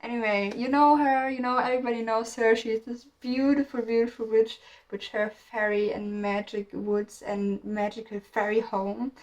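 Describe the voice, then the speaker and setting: A woman's voice: a little high, fairly even intonation, moderate pace, darkish tone. A woman from Germany talking casually to camera in a vlog, rambling, often restarting sentences and stopping to search for words. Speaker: video creator.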